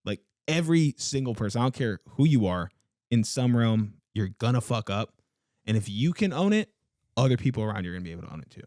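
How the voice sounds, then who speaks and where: A man's voice: medium pitch, sing-song, fast, darkish tone, dry recording, studio quality. A man co-hosting a podcast, talking earnestly in casual chat, leaning on fillers and emphatic turns. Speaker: podcast co-host.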